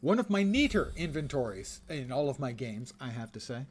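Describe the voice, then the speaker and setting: A man's voice: medium pitch, big pitch swings, brisk, breathy edge, faint music behind. An older man giving rambling, wry live commentary while he plays a game. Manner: wry, rambling, self-mocking asides. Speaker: game streamer.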